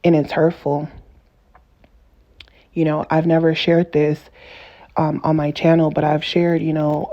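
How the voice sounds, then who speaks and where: A woman's voice: low voice, dark tone, dull audio. A woman vlogger in an earnest, casual monologue who repeats and rephrases herself for emphasis. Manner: earnest, repetitive, builds emphasis through rephrasing. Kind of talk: casual personal monologue to camera.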